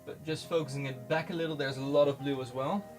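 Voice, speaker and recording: A man casually commenting in his studio as he looks at his handmade pigments, halting and restarting often. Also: medium pitch, steady tone, faint music behind. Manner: rambling, halting, many restarts. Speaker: pigment maker filming his studio work. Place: home studio.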